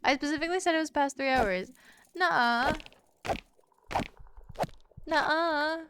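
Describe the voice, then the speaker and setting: A woman with a high voice chats to her viewers while she plays, teasing them and swearing freely. Her talk is casual and loose. A steady noise sits under her voice in the recording. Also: rapid-fire. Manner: swearing, teasing and chatty, talking to chat and a pet. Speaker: streamer. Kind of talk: casual live-stream chat while gaming.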